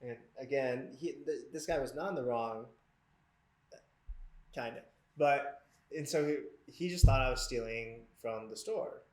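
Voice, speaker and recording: A man co-hosting a casual chat podcast, telling a story in an animated way, laughing and mimicking the people in it. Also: mid-range voice, measured pace. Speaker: podcast co-host. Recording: echoey room.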